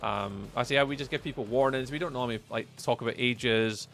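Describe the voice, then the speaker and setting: Soft music plays behind this Scottish streamer as he narrates his gameplay in a chatty way and responds aloud to messages from viewers. He speaks a little fast in a medium-pitched, slightly bright voice.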